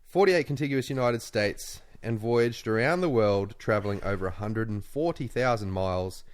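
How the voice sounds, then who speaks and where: A man co-hosts a podcast in easy, joking chat. His voice sits a little low, and he breaks into laughter often. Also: moderate pace. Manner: jokey, laughs often, drops into silly voices. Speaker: podcast co-host. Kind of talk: casual chat.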